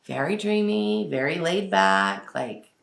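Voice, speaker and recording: Woman, 40s, host, casual chat, low voice, laughs often, echoey room. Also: sing-song, slow, creaky. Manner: chatty, laughs often, many fillers.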